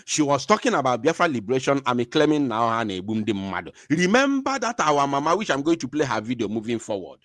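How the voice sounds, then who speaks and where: A man's voice: medium pitch, big pitch swings, quick pace, few pauses, fairly bright tone, dry recording, clean studio sound. A man with an Igbo-accented Nigerian English voice giving impassioned commentary as a show host, angry and repeating phrases for emphasis.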